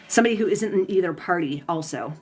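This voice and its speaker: A woman's voice: on the low side, animated, quick pace, a little mellow, faint music behind. A woman reading tarot on a livestream, venting heatedly and profanely as she answers viewers' comments, stumbling and restarting her sentences. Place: home, Pacific time zone.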